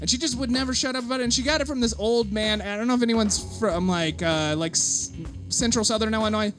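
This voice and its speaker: A young man telling a funny story on stage to a live audience, animated and giggly, full of likes and uhs. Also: high voice, quick pace, soft background music.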